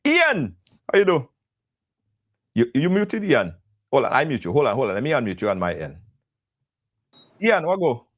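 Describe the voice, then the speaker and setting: A man's voice: mid-range voice, wildly swooping pitch, normal speed, long pauses. A man hosting a call-in talk show, heatedly ranting. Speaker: radio show host.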